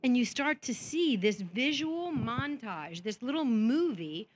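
A middle-aged woman gives a faith talk at a conference, her voice sitting on the high side. She is chatty and animated, slipping into little acted-out voices of her own thoughts as she encourages the crowd. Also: a little slow. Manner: animated, conversational, acts out inner voices. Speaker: conference speaker. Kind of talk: motivational faith talk to an audience. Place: conference stage.

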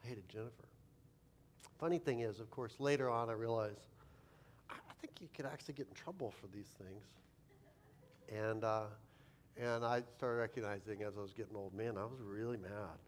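A man's voice: fairly low pitch, normal speed, a little hiss or hum. A man preaching as a pastor, telling a humorous, self-deprecating childhood story in a sermon.

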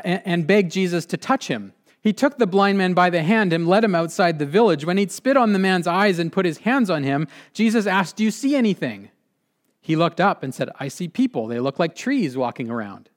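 A man preaches a sermon in a voice sitting a touch above the usual male range. He is earnest and deliberate, slowing down to lean on key phrases. He lets his voice sink low and soft as each point closes. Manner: earnest, with slowed emphatic phrasing and drops to a quiet close. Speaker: pastor.

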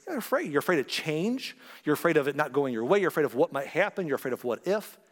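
A man preaching a conversational sermon as pastor, animated and playful, with joking asides and quick impressions of other people. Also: a little high. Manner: animated, joking asides, acts out quoted voices. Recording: long reverb of a large hall.

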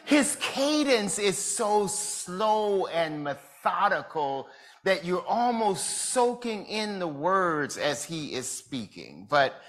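A man from Jamaica, a pastor giving a measured sermon lecture and asking rhetorical questions. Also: high-pitched, sing-song.

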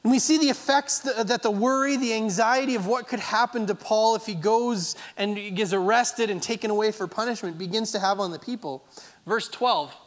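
High-voiced pastor preaching in a reverberant hall. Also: male voice, moderate pace. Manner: emphatic, repeating phrases for effect. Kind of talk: sermon.

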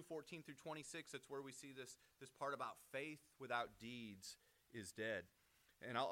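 Bright-voiced man teaching conversationally. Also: medium pitch. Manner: conversational, checks in with frequent "right?"; frequent restarts and repeated words. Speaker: Bible teacher. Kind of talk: casual Bible teaching.

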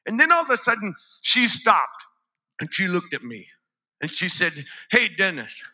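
Bright-voiced man telling an emotional story. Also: high-pitched, huge pitch swings, moderate pace. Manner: emotional, shifts from loud to hushed. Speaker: monologue performer. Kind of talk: dramatic spoken-word monologue.

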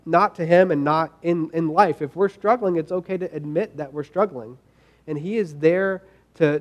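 A man preaching a sermon in an earnest, conversational way, full of fillers and restarts, and reading scripture aloud. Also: a little high. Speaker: pastor.

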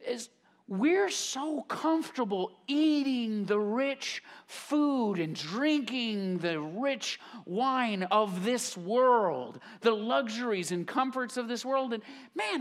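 A male pastor preaches a live sermon in a church, swinging his pitch up and down as he tells a Bible story. He slips into casual voices for its characters and reads scripture more slowly and quietly. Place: church sanctuary, live congregation.

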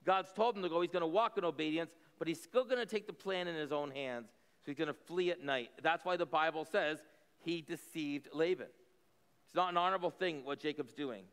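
High-voiced guy preaching, reads a verse then explains it chatty-like, echoey hall. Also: fairly quick, a bit bright, smooth. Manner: conversational, explanatory asides. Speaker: pastor. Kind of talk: sermon, reading scripture with commentary.

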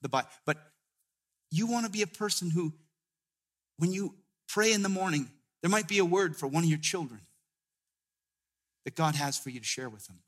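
A middle-aged man, a guest pastor, preaching a sermon as a personal story, stumbling over restarts and dropping his voice low in tender moments. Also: lively intonation, moderate pace, pauses often. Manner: storytelling, many restarts, drops to a hushed tone in emotional moments.

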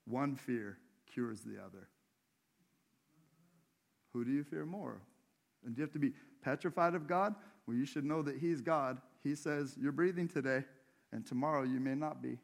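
A man's voice: a little high, brisk, gravelly. A man preaching a sermon in a church, in a conversational way, putting questions to the congregation. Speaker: pastor.

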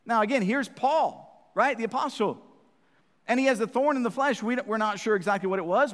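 A man's voice: sits high, fairly quick, fairly bright tone. A man preaching a sermon as pastor, calling listeners "friend" and repeating phrases for emphasis. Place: church sanctuary. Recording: long reverb of a church hall.

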